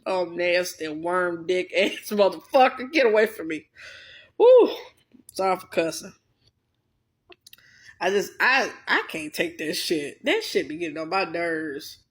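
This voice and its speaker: A woman's voice: lowish voice, lively intonation, a little slow, a bit bright, slightly rough. A woman vlogger in a blunt, profane, heated casual rant. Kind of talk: casual ranting monologue.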